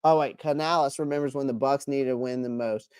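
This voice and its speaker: A man's voice: medium pitch, fairly even intonation, fairly quick, a little mellow, clear, resonant tone, no room sound, studio quality. A man hosting a casual live stream, answering chat by name with strong opinions and frequent restarts.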